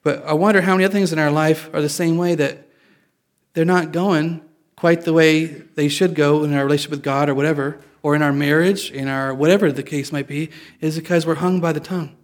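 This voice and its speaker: Man, preacher, fairly high voice, chatty sermon, self-deprecating asides. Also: fairly even intonation, a little fast. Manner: casual, confessional and joking with listeners. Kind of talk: conversational sermon.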